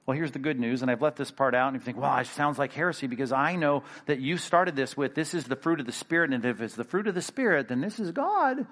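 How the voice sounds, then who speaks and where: A man preaching a sermon, animated and conversational, acting out little inner dialogues and dropping into low quiet asides. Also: quick pace, hardly any pauses. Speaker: pastor.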